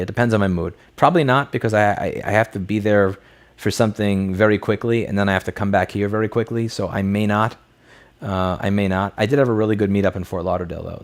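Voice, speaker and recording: A man's voice: fairly low pitch, fairly even intonation, fast. A man hosting a casual livestream, reading viewer messages and answering them bluntly, often swearing. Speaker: livestream host answering chat.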